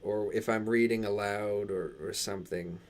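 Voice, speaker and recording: A man with a transatlantic accent hosting a casual live stream, reading chat aloud and answering in halting, restarting sentences. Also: fairly low pitch, steady tone.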